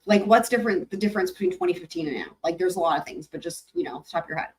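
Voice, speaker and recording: A woman's voice: on the low side, very fast. A young adult woman hosting a livestream, chatting casually with viewers, rambling and laughing, swearing freely. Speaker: livestream host.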